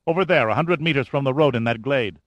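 A man's voice: medium pitch, fast, no room sound, highs cut off, voice pushed up, close to an everyday voice. A man voicing a confused, anxious Soviet man who speaks urgently in a dry audiobook reading. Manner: urgent, increasingly desperate.

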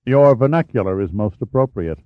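A man's voice: on the low side, animated, fairly quick, dry recording, narrow, tinny audio, close to an everyday voice. A man doing a courteous naval commander. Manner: formal, polite, smooth.

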